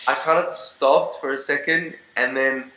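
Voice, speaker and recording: A man's voice: medium pitch, fairly even intonation, unhurried, pushed and bright, echoey room, highs cut off. A young man being interviewed over a video call, telling stories in a rambling way with many restarts and fillers.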